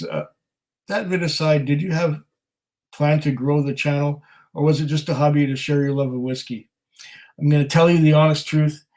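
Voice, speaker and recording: A man's voice: on the high side, rough recording. Rambling man chatting on a livestream. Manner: rambling and self-deprecating, with many fillers and laughs. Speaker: whisky channel host. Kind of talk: casual livestream chat reading viewer comments aloud.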